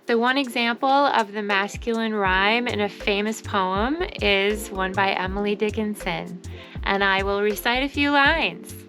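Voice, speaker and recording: Slow, bright-voiced enthusiastic woman vlogger. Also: medium pitch. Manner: enthusiastic, exclaiming. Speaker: vlog host reselling thrift finds. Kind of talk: casual vlog chat.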